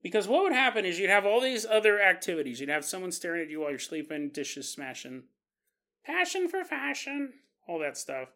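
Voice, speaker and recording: Male podcast host, bright voice, animated casual storyteller who laughs a lot. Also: high voice, quick pace, hardly any pauses. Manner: animated, laughs often, acts out quotes.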